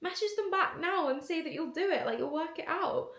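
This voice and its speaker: A young woman voicing her bossy mother, insisting in a high, emphatic voice. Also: lively intonation, fairly quick, a bit bright, heavily acted. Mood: insistent. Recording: echoey room.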